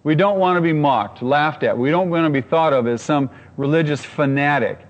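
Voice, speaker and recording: A man preaching a sermon in an earnest, emphatic way, and his voice sits a little higher than most men's. He keeps circling back over his own phrases to drive a point home. A long reverb trails behind him, as in a church hall. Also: moderate pace, dull audio. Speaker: pastor.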